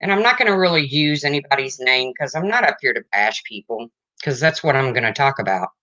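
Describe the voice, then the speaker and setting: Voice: mid-range voice, animated, a little fast, bright, forceful tone, highs cut off. A livestream host in casual chat, rambling and breaking off to greet viewers, emotional and close to tears.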